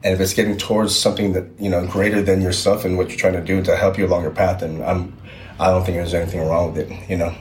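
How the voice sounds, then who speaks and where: A man's voice: sits low, level tone, fast talker, darkish tone, reverberant, slight background noise. A young man as a podcast guest, chatting casually and rambling with many fillers and restarts. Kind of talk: casual chat.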